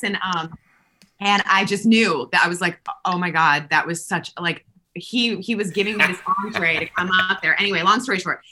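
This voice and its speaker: A woman in her forties telling lively stories in casual conversation, laughing often and acting out the people she quotes. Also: mid-range voice, fairly quick, slight background noise. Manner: animated, laughing, acts out quoted voices. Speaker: podcast guest.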